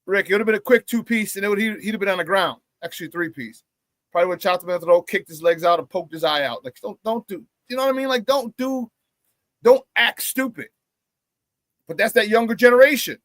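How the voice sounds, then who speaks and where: Guy ranting on a sports morning show, kinda high voice, dry close mic. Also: no room sound. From Chicago area. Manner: animated storytelling, quick voice changes for quoted people. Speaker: sports talk show host. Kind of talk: casual rant on a live show.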